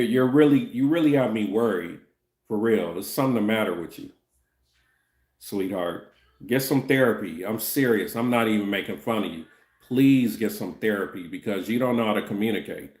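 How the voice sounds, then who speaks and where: A man's voice: lowish voice, darkish tone, roomy sound. A man in his fifties chatting loosely on a livestream, answering viewers' chat comments and often tacking on "you know what I'm saying". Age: 50s.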